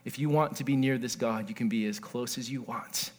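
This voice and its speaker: Preaching with earnest conviction, this man serves as pastor and jokes with the congregation, alternating quiet, intimate moments with excited outbursts. He speaks fairly quickly in a mid-range voice.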